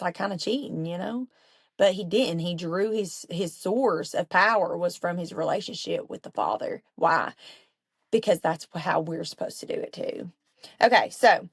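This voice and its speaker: A woman's voice: lowish voice, creaky, no room sound. A woman giving a casual Bible study, chatty and earnest, with many fillers and asides.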